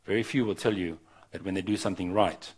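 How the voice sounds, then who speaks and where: Earnest low-voiced man preaching. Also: fast talker, darkish tone, husky. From not from Australia. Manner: earnest, urging, with frequent restarts. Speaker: visiting preacher. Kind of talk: sermon to an evening gathering.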